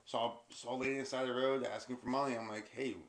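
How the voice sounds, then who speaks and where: A man hosting a podcast in casual chat, halting and repeating words as he talks. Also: medium pitch, fairly even intonation. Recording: echoey room.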